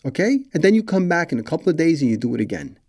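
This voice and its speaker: A man's voice: a little high, very animated, very fast, a little mellow. A man hosting a motivational podcast as a coach, talking emphatically and directly to listeners, repeating his points, asking them questions and swearing now and then. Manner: casual with mild swearing.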